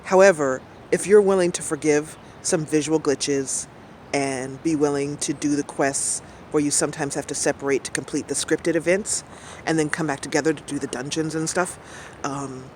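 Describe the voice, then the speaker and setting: A woman's voice: sits low, steady tone, moderate pace, darkish tone. A middle-aged woman talks in a loose, rambling way, laughing often between thoughts. She is outdoors, and a faint hum of passing traffic sits under her voice. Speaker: streamer. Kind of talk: casual chat.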